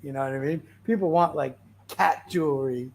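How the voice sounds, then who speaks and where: A man's voice: fairly high pitch, moderate pace, vocal fry. A man hosting a casual motivational talk, rambling through stories with constant "right?" and "like" and frequent restarts. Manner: restless, animated storyteller with frequent restarts.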